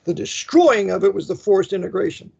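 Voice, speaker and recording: A man's voice: high voice, lively intonation, a little fast, vocal fry, darkish tone, slightly rough. A man hosting a radio talk show, combative and ranting, with a stream of rhetorical questions. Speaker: host. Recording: dull lo-fi sound.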